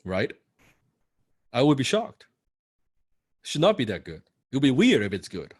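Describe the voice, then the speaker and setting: A man's voice: medium pitch, wildly swooping pitch, unhurried, slightly rough, no echo. Blunt accented man coaching copywriters. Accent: non-native English accent. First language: not English. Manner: blunt, forceful, profane and repetitive. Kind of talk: motivational coaching talk.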